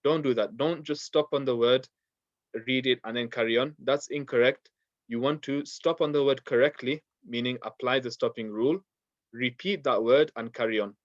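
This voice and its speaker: Male recitation teacher: steady, repeats each step, mid pitch, dry and slightly muffled audio. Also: moderate pace, no room sound. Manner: patient, repeats steps, recites verses in Arabic. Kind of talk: online class lesson.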